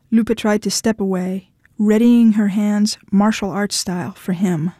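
A woman narrating fiction aloud in a measured, even way. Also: medium pitch, no echo.

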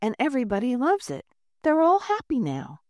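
A woman's voice: sits high, huge pitch swings, moderate pace, no room sound, clean studio sound, pitched above the performer's own voice. A woman voicing a cheerful, proud male furnace machine that has become a baker, in a storybook reading.

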